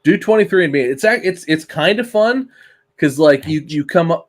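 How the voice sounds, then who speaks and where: A man's voice: a little high, moderate pace. A man co-hosting a wrestling podcast, chatting casually and telling family stories with lots of swearing. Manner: swears freely, animated storytelling. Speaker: podcast co-host. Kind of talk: casual chat.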